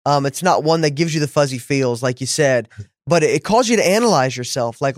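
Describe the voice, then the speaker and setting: A man hosting a faith podcast, talking fervently and slowing into heartfelt prayer. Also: a little high, animated, no room sound, clean studio sound. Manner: fervent, preacherly, slows into prayer. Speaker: podcast host.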